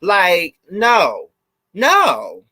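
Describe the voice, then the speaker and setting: A man's voice: high-pitched, wildly swooping pitch, drawn-out words, bright, forceful tone. A man hosting a live review, ranting emphatically to his viewers with blunt, profane repetition. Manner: blunt, swears freely. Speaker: video host and reviewer.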